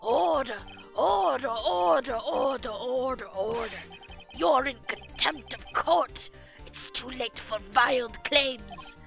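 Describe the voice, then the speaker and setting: A flustered old judge in a courtroom game, loud and formal, with a bright, high voice and faint music behind him, as a woman puts him on. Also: slow, exaggerated voice. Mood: stern. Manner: loud, banging out orders. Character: flustered older male judge, easily swayed.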